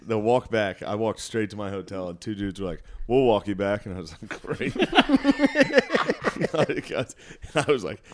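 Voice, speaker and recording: A man's voice: big pitch swings, normal speed, pauses often, fairly bright tone. A man talking as a podcast guest in casual chat, laughing as he tells his own story. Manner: laughing, swings wildly in pitch.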